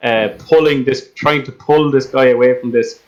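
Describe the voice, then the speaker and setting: A man's voice: mid-range voice, fairly even intonation, moderate pace, muffled recording. Guy running a tabletop game, rambly, lots of ums and uhs. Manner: rambling, hesitant, lots of fillers. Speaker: game master.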